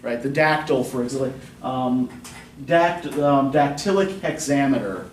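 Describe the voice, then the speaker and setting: A college English instructor with a medium-pitched, unhurried voice teaches a poetry class, explaining patiently and frequently questioning his students. The classroom sounds roomy, captured from a distance with faint noise.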